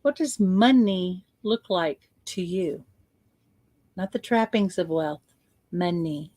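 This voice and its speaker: A woman coach leading a guided visualization, slow and playful, repeating words for emphasis. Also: medium pitch, animated, a little mellow, no echo.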